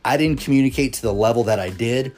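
A man's voice: medium pitch, fast, a little mellow. A man hosting a solo podcast, talking earnestly to his listeners with many restarts and rhetorical questions. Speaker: podcast host. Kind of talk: casual solo podcast monologue.

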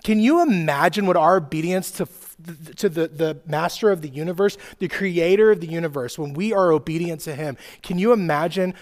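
A man in his thirties preaching a sermon to a live church audience, telling personal stories casually with lots of "like" and "right?", dropping soft and quiet then rising loud and excited. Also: on the high side, fairly quick. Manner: conversational storytelling, fillers like "like" and "right?". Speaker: youth pastor.

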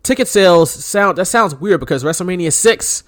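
A man co-hosting a podcast in casual chat, animated and joking. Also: high voice, normal speed, no room sound, clean studio sound. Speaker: podcast co-host.

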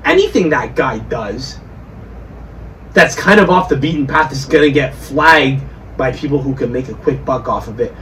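A man's voice: mid-range voice, lively intonation, normal speed, fairly bright tone. A man hosting a podcast, drunk, rambling and swearing as he riffs in casual chat. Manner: rambling, profane, riffing. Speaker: podcast host. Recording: distant mic with faint background noise.

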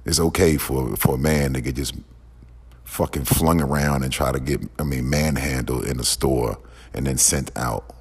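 A man's voice: extremely low pitch, steady tone, normal speed, breathy edge. A man delivering a heated, profane, repetitive rant as a podcast host. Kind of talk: angry ranting monologue. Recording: long echoing reverb.

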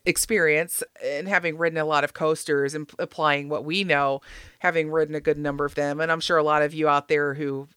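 A woman co-hosting a podcast in casual chat, laughing and excitable. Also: fairly quick, clean tone, dry recording, studio quality. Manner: laughing, excitable, pitch leaps on jokes. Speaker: podcast co-host.

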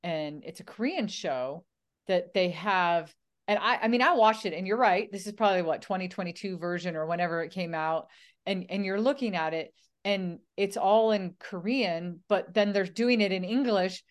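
A woman's voice: fairly low pitch, moderate pace. A woman co-hosting a casual interview, enthusiastic and restarting her sentences as she thinks aloud. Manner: enthusiastic, restarts often, lively emphasis. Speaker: podcast co-host.

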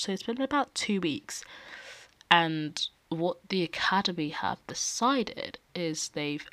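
A young woman hosting a podcast, talking in a casual, animated way and acting out quotes. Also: fairly low pitch, no echo. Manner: animated, acts out quoted people. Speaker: podcast host. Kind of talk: casual opinion talk.

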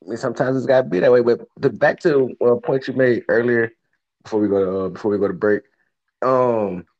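A man's voice: medium pitch, steady tone, a little fast, darkish tone. A man co-hosting a casual faith talk, musing aloud in rhetorical questions. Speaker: co-host. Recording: dull lo-fi sound.

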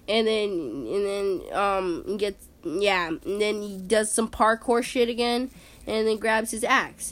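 A young woman in a casual, profane, rambling movie rant, exasperated and cursing. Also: fairly high pitch.

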